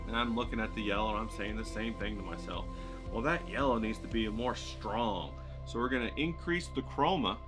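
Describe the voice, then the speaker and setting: A man teaching a watercolor painting demo, chatting and thinking aloud as he paints. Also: mid-range voice. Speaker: watercolor instructor.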